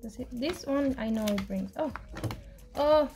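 A woman chatting casually as she unboxes albums, excitable and pleading, laughing often, with faint music behind. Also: sits high, a little slow, slight background noise. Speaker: vlogger.

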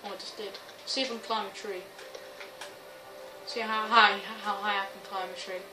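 A woman giving excitable let's-play commentary, swearing, shrieking and laughing often. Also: mid-range voice, normal speed, noisy background. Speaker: gaming video host. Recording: roomy, distant mic with game music. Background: game music and sounds.

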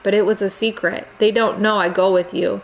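A woman voicing a reserved young Cambodian immigrant girl who speaks quietly in halting phrasing. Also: medium pitch, steady tone, vocal fry, a little hiss or hum, natural voice, rough recording. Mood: restrained. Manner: quiet, halting non-native phrasing, restrained.

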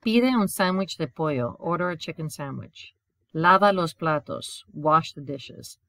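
A woman's voice: low-pitched, animated, measured pace, a bit bright, dry recording. A woman teaching a recorded language grammar lesson. She explains step by step, repeats a memory rhyme and often checks in with "right?". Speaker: Spanish teacher.

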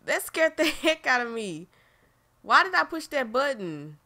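A woman narrates her own horror game run into a desk microphone, jumpy and full of exclamations. Her tone is bright and sharp, and she keeps turning to address her viewers directly. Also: sits high, very animated, measured pace. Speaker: gaming channel host. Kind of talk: horror game let's play commentary.

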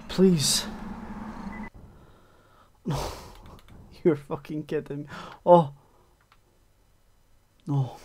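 A man giving excitable gameplay commentary, swearing a lot and yelling at enemies. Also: a little high, husky. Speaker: let's play gamer.

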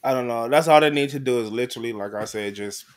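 A man giving blunt, animated opinions in casual podcast chat. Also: mid-range voice, fast talker.

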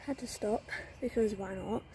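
A woman's voice: medium pitch, normal speed, dark tone, slight background noise. A young woman chatting casually to her viewers, rambling with lots of fillers. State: out of breath while walking. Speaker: vlogger. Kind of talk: casual vlog narration.

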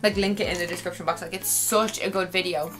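Young woman, guest vlogger, crisp bright voice, playful chat, faint music under. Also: fairly low pitch, steady tone, fast, low-quality recording. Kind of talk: casual chat while eating.

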